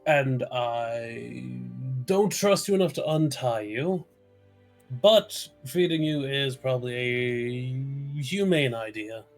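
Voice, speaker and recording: A man of middle pitch chatting as a tabletop game player. He rambles loosely and swears freely. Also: lively intonation, slow pace, soft background music. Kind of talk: casual tabletop game chat.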